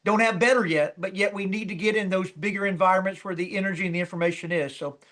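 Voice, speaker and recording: A man with a high voice for a man hosts an interview as a coach. He talks fast and with an upbeat, encouraging manner. His tone stays conversational as he sets up questions for his guest. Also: fairly even intonation, fairly bright tone. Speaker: coach and show host. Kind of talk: hosting an interview.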